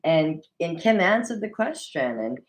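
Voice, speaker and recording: Animated chatty woman recapping a show. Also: lowish voice, unhurried, poor audio. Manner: chatty, opinionated, animated with mock quoted voices. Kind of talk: casual solo recap commentary. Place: at a desk at home.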